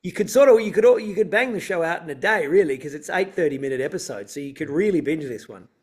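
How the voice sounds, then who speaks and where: An Australian man with a slightly raised pitch talks in an easygoing, chatty way. He is a guest in a casual interview, answering at length and sometimes laughing lightly. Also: expressive, quick pace, breathy edge.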